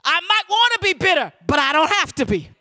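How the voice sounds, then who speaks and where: A middle-aged male preacher with a very high, piercing voice and a sharp, forceful edge. He preaches in church, shouting and calling for the congregation to answer him, doubling back on words in a fervent rhythm. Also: big pitch swings, brisk. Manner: shouting, urging call-and-response. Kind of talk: sermon.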